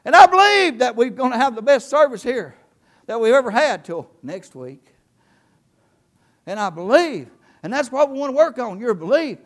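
An older man preaches in church in a strikingly high voice. He swings between fervent shouts and low, quiet stretches. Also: big pitch swings, moderate pace. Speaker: pastor. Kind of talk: sermon.

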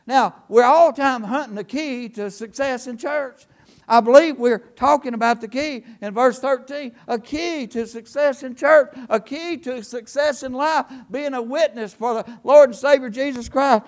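An older man preaching a sermon in church, with impassioned delivery that swings from shouting to quiet, low talk. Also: moderate pace. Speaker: pastor.

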